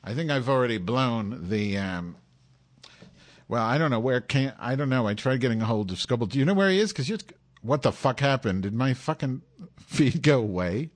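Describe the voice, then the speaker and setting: A man's voice: medium pitch, normal speed. A man hosting a live online show, cursing constantly and exasperated with his technical setup. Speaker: livestream host. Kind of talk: frustrated casual livestream chat.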